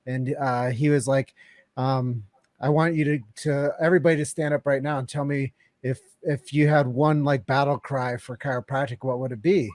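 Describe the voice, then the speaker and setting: Host: man, mid-pitched, dry close sound, energetic and emphatic. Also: moderate pace, no room sound. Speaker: podcast host. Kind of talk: podcast interview conversation.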